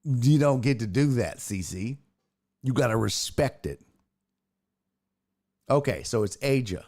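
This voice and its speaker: Male sports streamer host, lively swinging pitch, profane, riffs with his chat. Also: slow, pauses often. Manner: profane, reads chat comments aloud and answers them. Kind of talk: casual livestream sports talk.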